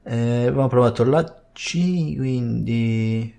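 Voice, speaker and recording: A man's voice: medium pitch, measured pace, gravelly, warm tone, slight background noise. An Italian man casually commenting as he plays a video game, musing aloud over which choice to pick. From Italy. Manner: musing, talks through his choices. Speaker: let's play host.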